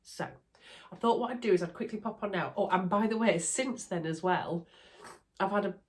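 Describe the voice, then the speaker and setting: Under a ring light in her bedroom at night, a sewing vlogger from Yorkshire, England, chats casually to her phone and makes light of herself. A cold has left her congested and nasal. She speaks at a normal pace in a mid-range, somewhat dark voice.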